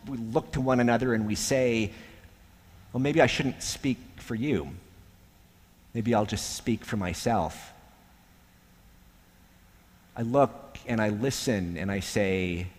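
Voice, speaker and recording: A pastor preaching a sermon in a slow, measured way, with long pauses, sometimes dropping to a hushed voice. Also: male voice, on the low side. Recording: echoey hall with long reverb.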